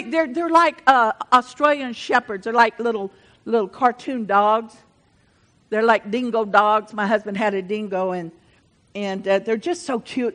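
An older woman preaching a sermon, moving between fervent, building passages and chatty asides with the congregation. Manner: swells louder and higher when preaching, drops to chatty asides with the congregation.

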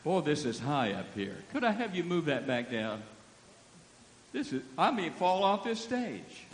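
Lively, folksy male preacher in a hall. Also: a little high, unhurried, a little hiss or hum. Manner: folksy, joking, leads the crowd. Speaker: guest preacher. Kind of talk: sermon. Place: church hall with a stage. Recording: echoey hall.

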